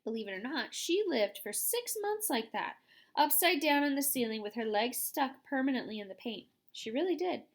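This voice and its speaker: A woman's voice: sits high, expressive, moderate pace. A woman as a prim, dramatic lady spider. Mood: mournful. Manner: genteel, long-winded storytelling.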